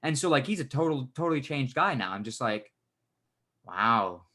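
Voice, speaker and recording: Give me a bright, sharp-voiced man retelling a story on a podcast, swearing freely. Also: fairly high pitch, quick pace. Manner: swears a lot, animated retelling. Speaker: podcast co-host. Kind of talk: casual storytelling chat.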